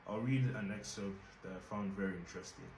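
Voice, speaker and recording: Echoey, low-voiced man reviewing a book. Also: fast, a little mellow. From Nigeria. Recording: echoey room with faint noise.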